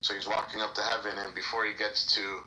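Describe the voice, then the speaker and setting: Bright-voiced rambling male storyteller. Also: fairly low pitch, little pitch movement, fast talker. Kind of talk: casual chat, storytelling. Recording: echoey room, some noise.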